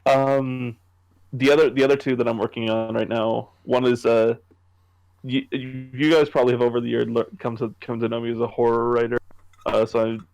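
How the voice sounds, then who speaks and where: A young man from Canada, co-hosting a podcast, chatting casually about his writing in a halting way with many restarts. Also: mid-range voice, level tone, gravelly, a little mellow, poor audio. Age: young adult. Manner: halting, restarts often, laughs easily. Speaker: podcast co-host, horror writer. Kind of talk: casual chat.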